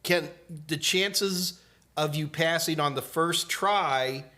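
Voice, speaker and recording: A man in his sixties with a bright, fairly high voice, hosting a casual live question-and-answer stream. He talks in a playful, jokey way and often trails off mid-sentence. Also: slow. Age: 60s. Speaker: host, IT certification trainer.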